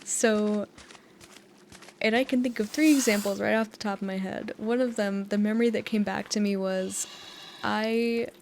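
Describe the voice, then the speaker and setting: A young woman from the United States, softly rambling and telling meandering stories with frequent laughs while playing a relaxing game. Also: medium pitch, fairly even intonation, normal speed, gravelly, slight background noise. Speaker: gaming channel host. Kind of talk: soft-spoken rambling over relaxing gameplay.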